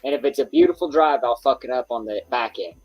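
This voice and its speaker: A man's voice: medium pitch, huge pitch swings, quick pace, vocal fry, a little mellow, faint music behind, poor audio. A man in casual chat, laid-back and profane.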